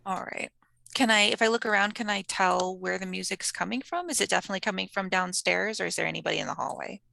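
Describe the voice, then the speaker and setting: A woman playing a tabletop mystery game, describing her character's actions in a gentle, soothing way. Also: medium pitch, fast, vocal fry. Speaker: player. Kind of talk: tabletop role-play.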